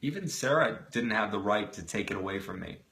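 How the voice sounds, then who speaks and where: A man voicing a gentle, soft-spoken grown man who speaks quietly and calmly while retelling a film scene. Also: lowish voice, fairly quick, pitched below the performer's own voice. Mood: tender calm. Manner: quiet, calm, tender.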